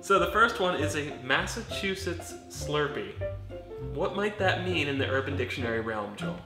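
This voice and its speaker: A man's voice: a little high, lively intonation, moderate pace. A man in casual comedic chat, playfully reading out slang terms and teasing his friend. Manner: playful, teasing, reads text aloud. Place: home room with dogs. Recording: echoey room with faint music.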